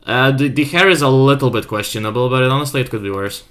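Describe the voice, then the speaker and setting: A young man talks fast with hardly any pauses in a mid-range, fairly bright voice, using a self-made accent; English isn't his first language. During a casual art live stream, he reads chat aloud while playfully trolling.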